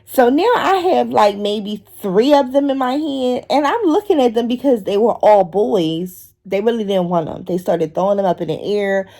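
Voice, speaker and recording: A woman vlogger telling a funny story casually, animated and swearing, acting out voices as she goes. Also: medium pitch. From Philadelphia. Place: outdoors in public.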